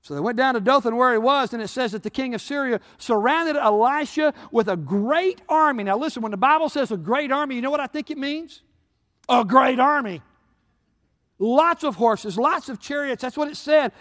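High-voiced preacher in a reverberant hall. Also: male voice, a little fast, hardly any pauses. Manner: preaching, swinging between loud peaks and hushed low passages; retells scripture stories with acted quotes. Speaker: pastor. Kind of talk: sermon.

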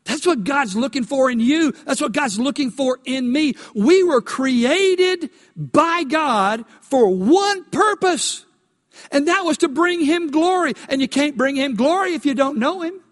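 A man preaching in a church with a very high voice. He asks the congregation questions and builds to emphatic peaks. His words ring out with a long hall reverb. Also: animated, a little slow. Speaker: pastor. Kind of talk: sermon. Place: church sanctuary.

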